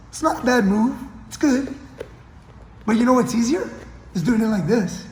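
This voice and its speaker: A man's voice: very high voice, normal speed, pauses often, a little mellow, slight background noise. Male grappling coach in an echoey gym. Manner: demonstrative, keeps checking in with his partner. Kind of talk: hands-on technique demonstration. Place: training gym on the mats. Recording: echoey gym with long reverb.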